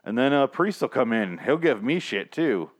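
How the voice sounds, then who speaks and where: A man's voice: medium pitch, big pitch swings, normal speed. A man co-hosting a casual movie-review podcast, swearing freely, rambling and laughing often. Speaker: podcast co-host.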